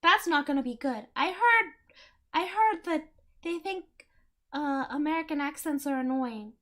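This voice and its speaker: A woman's voice: sits high, expressive, moderate pace, pushed and bright. A woman streamer giving casual, giggly commentary while playing a game, laughing often between remarks.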